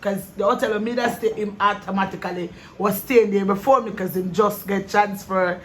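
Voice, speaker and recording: A man with a Jamaican accent telling a rambling, animated story in a barbershop. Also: high-pitched, moderate pace, a little hiss or hum. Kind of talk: casual chat.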